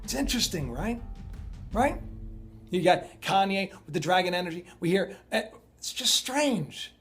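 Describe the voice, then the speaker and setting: With faint music in the background, the male host's high, slightly bright voice is expressive and moderately paced. He rambles chattily about end-times signs in his prophecy video, dropping fillers and asides throughout.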